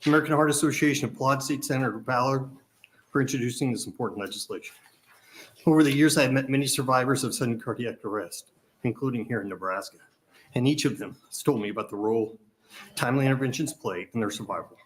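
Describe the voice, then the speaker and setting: A man testifies before a committee from prepared remarks. He is out of breath and stops now and then to clear his throat. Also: medium pitch, quick pace, low-quality recording. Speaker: advocacy testifier. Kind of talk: formal legislative testimony. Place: legislative hearing room.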